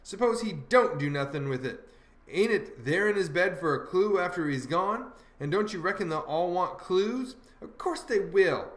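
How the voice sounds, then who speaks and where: A man's voice: high voice, lively intonation, moderate pace, a bit bright. A man voicing a bossy, know-it-all teenage boy who lectures in folksy dialect, in an audiobook reading. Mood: lecturing. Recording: roomy echo.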